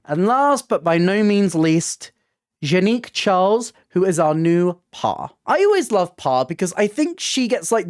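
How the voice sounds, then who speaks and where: A woman hosting a casual review vlog as a theatre reviewer, gushing and excitable, often tripping over her words. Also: on the low side, dry recording, clean studio sound. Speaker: theatre reviewer and channel host.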